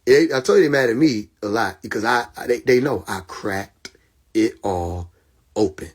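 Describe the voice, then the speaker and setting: A young man hosting a casual livestream, talking emphatically with laughter, repetition and profanity, his voice hoarse. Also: fairly low pitch, moderate pace. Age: young adult. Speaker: livestream host. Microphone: phone.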